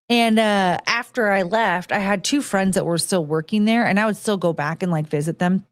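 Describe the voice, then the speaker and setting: A woman talks through her own stories in a loose, rambling podcast monologue, full of fillers and restarts. Her voice sits at an ordinary middle pitch. The recording is dry, with no room around it. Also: moderate pace, few pauses, dry recording. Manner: rambling storytelling with fillers and restarts, frank and blunt. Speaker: podcast host. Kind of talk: casual monologue about past jobs.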